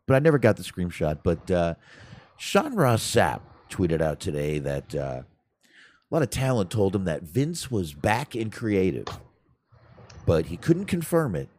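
A man with a very low voice that swings up and down with plenty of life. He co-hosts a casual podcast chat, rambling along with self-deprecating, crude humor. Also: big pitch swings, unhurried, darkish tone. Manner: salty, profane humor. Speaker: podcast co-host.

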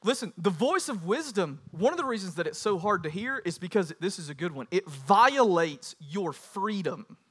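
Male pastor, 30s, sermon delivery: high bright voice, emphatic and animated. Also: moderate pace, hardly any pauses, husky. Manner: animated preaching, rising to loud emphatic bursts.

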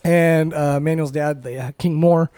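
A man's voice: on the high side, steady tone, measured pace, warm tone, dry recording. A man co-hosting a podcast, casually recapping a performance in a rambling storytelling way and acting out the lines. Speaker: podcast co-host.

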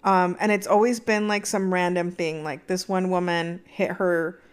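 A woman's voice: on the low side, flat delivery, moderate pace, clear, resonant tone. A young adult woman co-hosting a podcast, venting candidly in casual chat and laughing easily. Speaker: podcast co-host.

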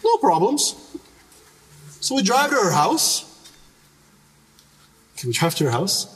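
This podcast guest has a high voice at normal speed and recounts a personal story conversationally, animated and emphatic as he repeats words and restarts. The mic is distant and the room is reverberant.

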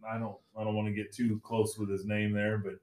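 A man co-hosting a movie podcast in casual chat, halting and correcting himself as he talks. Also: lowish voice, level tone, echoey room, a crowd in the background. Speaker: podcast co-host.

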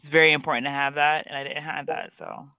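A man with a fairly high voice chats loosely on a podcast, rambling through his points with plenty of "like" and "um". The sound is dry and tinny, as if over a phone line. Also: flat delivery, quick pace, clear, resonant tone, no echo. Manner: rambling, filler-heavy, breaks into sung lines. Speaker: podcast co-host. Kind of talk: casual podcast chat.

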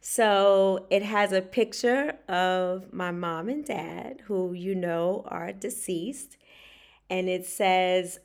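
Woman host, slow and heartfelt, livestream chat. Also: lowish voice, vocal fry. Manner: warm, emotional, drawls words out. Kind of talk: casual livestream talk.

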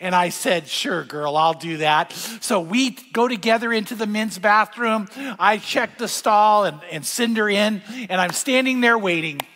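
Older guy preaching a sermon, high bright voice, big hall with long echo. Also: moderate pace. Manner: storytelling, asks the audience questions. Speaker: pastor.

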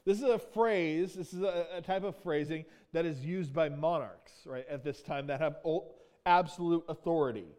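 Man preaching, conversational, higher-pitched. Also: moderate pace, dark tone. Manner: conversational teaching with frequent "right?" and restarts. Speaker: pastor. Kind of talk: sermon.

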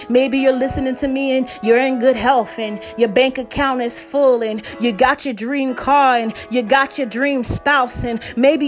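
A high-voiced woman exhorting listeners with passion, her speech drifting into singing. She talks at an unhurried pace. Soft instrumental music plays underneath. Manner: impassioned, moving between speaking and singing. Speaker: worship leader. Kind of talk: spoken exhortation and sung worship over music.

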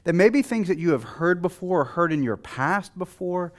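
Chatty man preaching, a bit high-voiced. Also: expressive, moderate pace. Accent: Texan. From Texas. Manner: conversational, many fillers and restarts. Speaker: pastor. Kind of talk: sermon.

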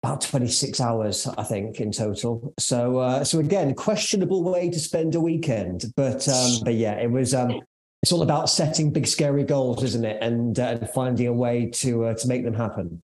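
A man's voice: medium pitch, moderate pace, a little mellow. Upbeat English man in his forties, echoey room. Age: 40s. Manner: upbeat, joking, many fillers. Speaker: podcast guest. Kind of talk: casual podcast chat.

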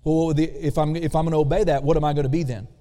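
A man on the high side, steady and dark in tone, preaches a sermon as pastor. He emphasizes words slowly and draws call-and-response from the congregation. The sanctuary lends a long church reverb.

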